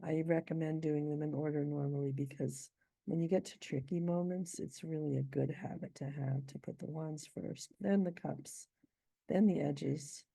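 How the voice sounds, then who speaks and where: A middle-aged woman poet, reading her poem slowly and then explaining its meter in a thoughtful, measured way. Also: sits low, steady tone, creaky, dark tone, slightly rough, dry recording.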